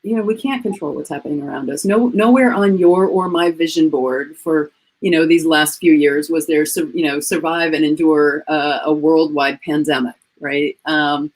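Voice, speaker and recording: Husky-voiced woman telling an animated story. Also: deep voice, moderate pace. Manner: animated, acts out quoted voices. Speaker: guest, coach and author. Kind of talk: casual storytelling chat. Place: home.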